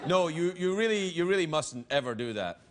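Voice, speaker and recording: Brief: Scottish male talk show host, high, lively voice, playful, noisy studio. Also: a little fast. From Scotland. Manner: playful, laughing often. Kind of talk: comedic banter, reading viewer mail.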